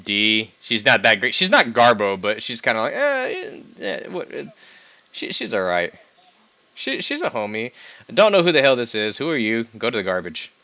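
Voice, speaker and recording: A young man hosting a casual podcast stream, teasing his guest and laughing often as his voice jumps up when excited. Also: lowish voice, normal speed, dry recording, lo-fi sound. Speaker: podcast host. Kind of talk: casual chat ranking characters with a guest.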